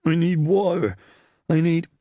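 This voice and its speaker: A man's voice: fairly high pitch, unhurried, dark tone, no room sound, clean studio sound, voice pushed up, natural voice. A man voicing a cowardly male prisoner who whines and pleads for mercy in an audiobook. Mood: whining. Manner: whining, pleading.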